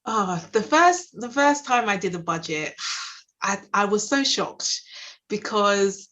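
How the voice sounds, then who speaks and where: A woman's voice: medium pitch, lively intonation, slow, fairly bright tone. A British woman guest speaking in a candid, reflective way in a casual discussion.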